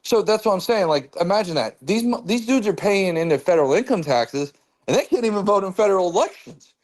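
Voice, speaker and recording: A man hosting a casual political chat, talking in an animated way and jumping up in pitch when he jokes. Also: a little fast. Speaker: host.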